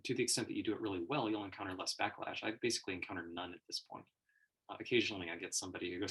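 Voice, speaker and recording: A man's voice: on the low side, fairly even intonation, rapid-fire, a bit bright, slightly rough. A man giving a reflective livestream monologue as a personal growth teacher, searching for words and laughing often.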